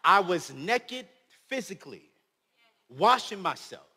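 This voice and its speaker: A male preacher in his thirties telling his story in an animated, humorous speech, swinging between loud and soft. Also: high-pitched, slow, husky. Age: 30s. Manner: humorous, slangy. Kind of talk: motivational speech. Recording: long hall reverb.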